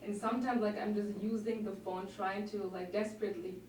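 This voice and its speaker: A woman's voice: mid-range voice, fairly quick, a crowd in the background. A woman from Germany, an exchange student guest, chatting and telling stories animatedly in English. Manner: chatty, animated storytelling, laughs. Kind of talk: casual interview. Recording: echoey room, distant mic, faint noise.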